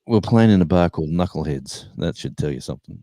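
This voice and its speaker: A man's voice: sits low, expressive, fast talker, mellow, no room sound. An older man hosting a live chat, telling rambling road stories with many restarts. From Australia. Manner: rambling anecdotes with restarts and laughter. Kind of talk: casual storytelling chat.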